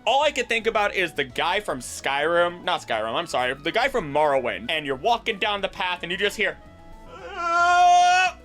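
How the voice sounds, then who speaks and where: Animated high-voiced man explaining myths. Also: fairly quick, hardly any pauses, soft background music. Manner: animated, tangential, jokey. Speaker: voice actor and video host. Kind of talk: casual explanatory commentary.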